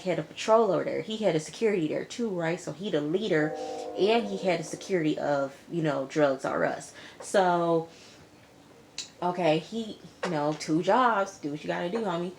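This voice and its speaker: A woman's voice: on the low side, a little mellow. A young woman chatting casually to her viewers about a TV episode, laughing often and talking straight to the audience. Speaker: TV review vlogger. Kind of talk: casual recap chat.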